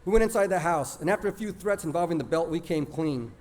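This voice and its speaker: Male author, live reading, expressive storyteller, slightly higher voice. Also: quick pace. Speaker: author reading his stories.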